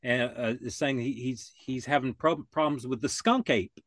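Older man, casual storyteller, rambling, many restarts, mid pitch, dry close sound. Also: moderate pace, fairly bright tone, dry recording. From Florida. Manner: rambling, restarts often, acts out quoted voices. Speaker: podcast guest.

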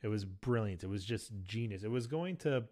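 Laid-back man with a lowish voice. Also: animated, moderate pace, warm tone. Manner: laughs often, hesitant with ums. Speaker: podcast co-host. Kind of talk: casual podcast chat.

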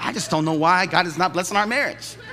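A male pastor preaching a lively, joking sermon in a church, often acting out the people he describes. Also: sits high, quick pace. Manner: animated, jokey, acts out quoted voices. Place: church sanctuary. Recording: long church hall reverb.

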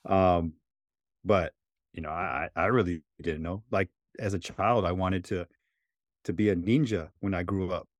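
A man's voice: low-pitched, fairly even intonation, measured pace, no room sound. A man co-hosting a podcast, telling a childhood story in a reflective, casual way, full of "right?" and "you know". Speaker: podcast co-host.

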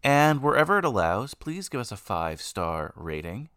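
A man's voice: medium pitch, very animated, moderate pace, fairly bright tone, clear, resonant tone, no room sound, clean studio sound. A man hosting a podcast, chatting in an upbeat, rambling way with many asides. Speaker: podcast host. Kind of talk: casual podcast chat.

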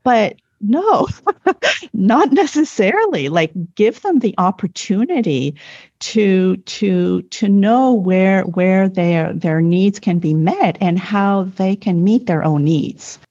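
A woman in a casual talk, gently and earnestly explaining childcare ideas, often repeating words as she thinks. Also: mid-range voice, expressive, takes it slowly, no echo, lo-fi sound. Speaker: parenting guest expert. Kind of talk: casual advice chat.

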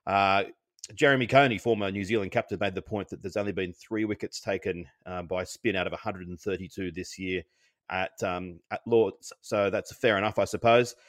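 A man's voice: sits low, fairly even intonation, moderate pace, a bit bright, no echo, studio quality. A man co-hosting a podcast, giving a chatty cricket analysis broken up by frequent ums and restarts. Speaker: co-host.

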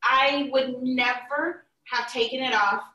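Animated woman telling a story, echoey room. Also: high voice, slow. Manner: animated, acts out quoted voices, laughs through tears. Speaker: podcast guest telling a story. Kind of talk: casual storytelling chat. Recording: echoey room, mic at a distance.

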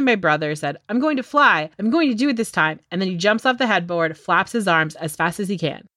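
A woman's voice: on the low side, a bit bright, no echo, clean studio sound. A young woman in her twenties co-hosting a podcast, retelling a story in a chatty way and often laughing as she goes. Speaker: podcast co-host. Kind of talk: casual chat, retelling a story.

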